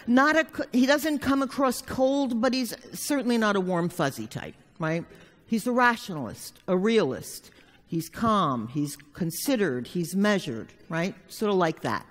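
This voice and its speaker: A woman therapist telling a personal story to a live audience, frank and plainspoken, now and then swearing. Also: medium pitch. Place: conference hall. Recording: long hall reverb.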